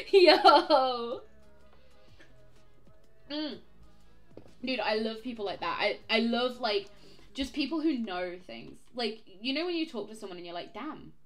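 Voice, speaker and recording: A woman chatting casually on a live stream while gaming, telling animated stories with lots of laughter. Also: fairly high pitch, a little slow, pauses often, soft background music. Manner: animated, giggly, swearing storyteller.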